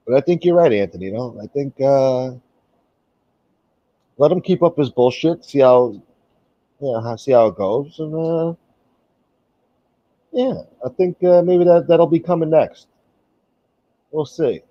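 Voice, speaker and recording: A man's voice: mid-range voice, expressive, normal speed, long pauses, no echo, lo-fi sound. A male livestream host in a casual, profane rant, blunt and sarcastic, swearing often.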